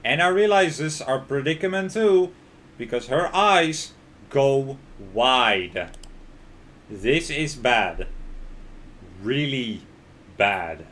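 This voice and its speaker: A man's voice: medium pitch, a bit bright. A man streaming a game, reading its story aloud in narration and reacting with laughs and panicky outbursts. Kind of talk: reading a visual novel aloud while playing.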